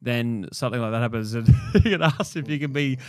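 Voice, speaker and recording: A man's voice: mid-range voice, fairly quick. A man hosting a podcast, chiming in with encouraging questions. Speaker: podcast host. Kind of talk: casual interview chat.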